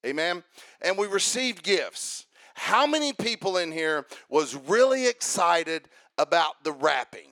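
A man preaching a sermon in a church, calling for amens and rising into shouted, sing-song lines. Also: a little high, sing-song, measured pace.

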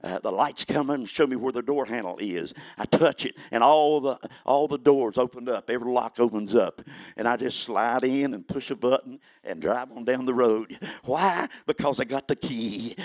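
A man of eighty, preaching a sermon in a folksy storytelling way that builds to fervent shouting. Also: mid-range voice, normal speed, no echo. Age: 80s.

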